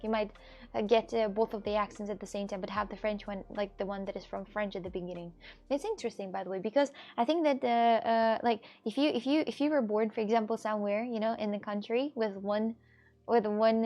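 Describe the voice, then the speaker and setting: Chatty woman with a gravelly edge, music behind. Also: on the high side, darkish tone. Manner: halting, many fillers and restarts. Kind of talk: casual chat reading viewer messages.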